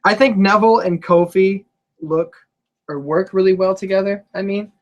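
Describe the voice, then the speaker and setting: High-pitched dude on a wrestling podcast, loud, jokey, swears a lot. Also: male voice, fairly even intonation, moderate pace. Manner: loud, joking, profane banter. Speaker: podcast co-host. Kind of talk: casual wrestling podcast chat.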